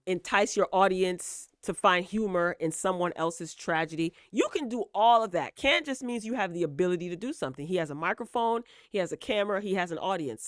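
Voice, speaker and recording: In a smooth, lowish voice, recorded in a studio with no room sound, a woman offers casual gossip commentary on entertainment news. She is opinionated and lecturing, checking in again and again with "all right?" and "okay?"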